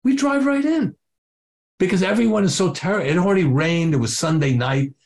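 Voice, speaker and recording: A man's voice: high-pitched, a little fast, vocal fry. An older man, a drummer being interviewed, telling a story with lots of acted-out quotes and casual swearing. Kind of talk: animated anecdote telling.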